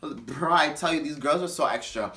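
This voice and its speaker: A young man casually telling a story, animated and slangy, repeating words for emphasis. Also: on the high side, normal speed. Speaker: storyteller host.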